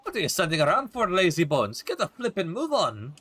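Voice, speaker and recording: A man voicing a brash, cheeky little male fairy who talks loudly and scolds in slang. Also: very high-pitched, huge pitch swings, takes it slowly, husky, pitched above the performer's own voice, exaggerated voice.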